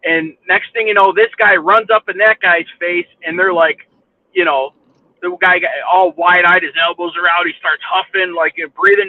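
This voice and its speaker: A man's voice: high voice, fairly even intonation, moderate pace, no room sound. A man hosting a casual chat show, telling a rambling story full of swearing and restarts. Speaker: livestream chat host. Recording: tinny phone-like line.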